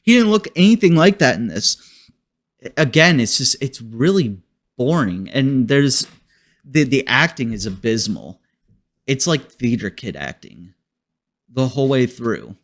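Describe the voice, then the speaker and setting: A man's voice: medium pitch, sing-song, measured pace. Rambling, profane male podcast host. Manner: rambling, profane, laughs often. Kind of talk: casual movie review chat.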